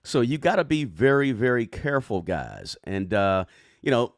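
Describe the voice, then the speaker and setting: The personal finance livestream host speaks with a mid-range voice, big pitch swings, and a moderate pace, in a clean studio recording with no echo. He talks casually, reads viewers' comments aloud, and frequently ends with "right?"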